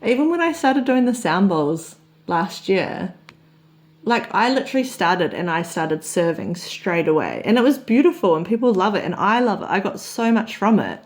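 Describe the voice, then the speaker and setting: A woman, telling a personal story as an open, reflective vlog monologue. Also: mid-range voice. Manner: open, confessional storytelling with soft laughs. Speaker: vlogger.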